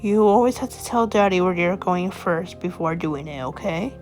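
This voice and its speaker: A woman playing a devoted, protective father who soothes his hurt daughter with gentle reassurances. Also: lowish voice, normal speed, faint music behind, natural voice. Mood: gentle scolding.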